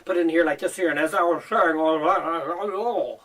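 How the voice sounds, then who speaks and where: Recorded from a distance, a man with a fairly high voice races through a demonstration of a magic routine for children. He's playful and animated, speaking as though to kids and often letting out mock-surprised "oh, oh" and "uh-oh" exclamations.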